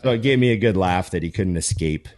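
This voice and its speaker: Deep-voiced man telling a podcast story. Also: fast, no echo, clean studio sound. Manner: animated storyteller with many fillers. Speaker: podcast co-host and pro bodybuilder.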